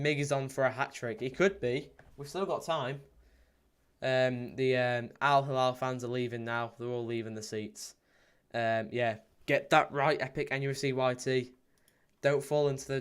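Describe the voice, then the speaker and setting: Hosting a live stream where he watches a match, a man speaks in a clear, resonant, medium-pitched voice. He rambles easily through chat replies and commentary, stumbling and restarting with ums, then rushes into excited calls as chances and goals happen.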